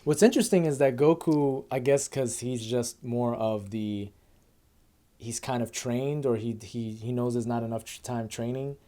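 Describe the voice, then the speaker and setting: A man co-hosting a casual anime review podcast, relaxed and recapping with restarts. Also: mid-range voice, normal speed. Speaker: podcast co-host.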